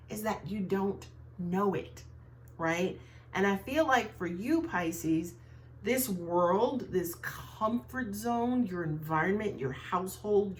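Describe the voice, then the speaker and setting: A woman giving a casual tarot reading to viewers, talking in a chatty way and often tagging her sentences with "right?". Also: medium pitch. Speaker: tarot reader.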